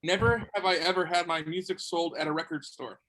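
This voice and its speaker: A man co-hosting a band interview, reading out game questions in a relaxed, casual way. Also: fairly high pitch, a little fast, slight background noise, low-quality recording. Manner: relaxed, reads questions aloud. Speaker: co-host running a drinking game round.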